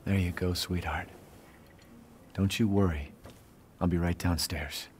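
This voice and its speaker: An actor playing a cautious young father who gently reassures his baby daughter. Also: low voice, fairly even intonation, unhurried, a little hiss or hum. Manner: gentle, reassuring, slightly defensive. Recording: music in the background.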